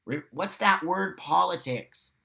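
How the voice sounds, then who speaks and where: A man's voice: high voice, slow pace, vocal fry, bright, forceful tone. American guy hosting a live morning chat, reads comments then rants, swears a lot, very blunt. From United States. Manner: blunt, profane, ranting. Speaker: livestream host.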